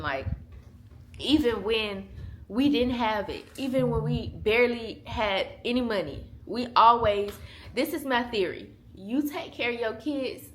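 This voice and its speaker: A mother in her twenties vlogs to a small handheld camera, chatting casually and candidly while laughing often and speaking directly to her viewers. Her voice is mid-range and a bit bright, with slight background noise.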